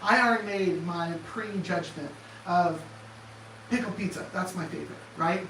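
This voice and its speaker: A man giving an animated motivational talk, firing off sarcastic rhetorical questions in a presentation room. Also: high-pitched, moderate pace, slight background noise. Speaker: speaker. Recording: echoey room, distant mic, faint ambience.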